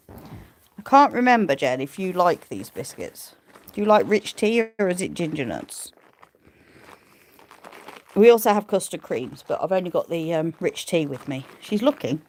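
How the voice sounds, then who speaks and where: This woman's voice sits fairly low and swings widely in pitch, moving at a measured pace. She keeps sheep and chats casually on a livestream, fielding viewer questions and cooing at her animals.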